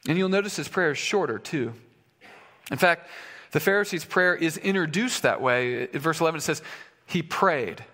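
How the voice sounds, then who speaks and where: A man's voice: a little high, animated, normal speed, bright, forceful tone, long reverb tail. A male pastor preaching a sermon in a conversational way, with fillers and restarts, in a church sanctuary.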